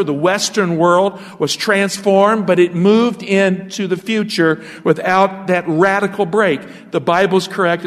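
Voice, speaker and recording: A man's voice: high-pitched, fairly bright tone, in a large hall. A male pastor preaching a sermon, asking his listeners rhetorical questions as he teaches from scripture.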